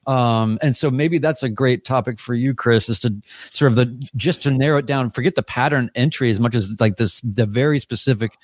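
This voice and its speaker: A man's voice: mid-range voice, fairly quick, hardly any pauses, no echo. A male podcast co-host with a mid-range voice talks in a casual, meandering way. He often restarts his sentences as he goes. The sound is dry and close. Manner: rambling, with many restarts and fillers.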